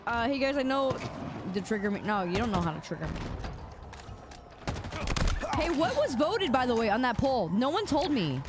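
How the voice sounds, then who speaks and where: A woman's voice: fairly high pitch, moderate pace, pauses often, heavy background noise. A woman game streamer chatting casually and teasingly with her viewers while she plays. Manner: animated, teasing, talks to chat. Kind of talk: casual live-stream chat.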